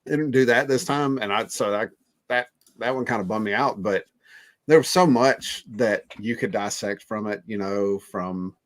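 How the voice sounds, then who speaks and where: A man co-hosting a podcast, talking about movie trailers with enthusiastic, rambling fan excitement. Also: on the low side, moderate pace. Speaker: podcast co-host.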